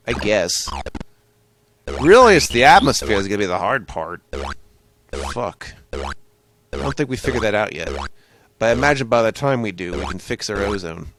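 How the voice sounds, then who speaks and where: A man's voice: fairly low pitch, noisy background. A young man rambling through joking, tangent-filled commentary while playing a retro game. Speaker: gaming channel host. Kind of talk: let's play commentary.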